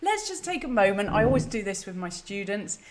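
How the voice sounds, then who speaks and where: A woman's voice: medium pitch, very animated, brisk, a little hiss or hum. A woman hosting a live stream, chatty, flustered and self-deprecating. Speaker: host. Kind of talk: casual live-stream chat.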